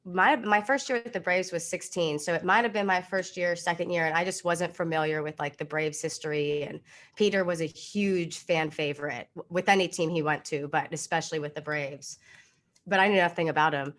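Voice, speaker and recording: A woman's voice: on the low side, steady tone, brisk, fairly bright tone. A young woman co-hosting a podcast, telling a story in a chatty way with lots of "like". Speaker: podcast co-host, former sideline reporter.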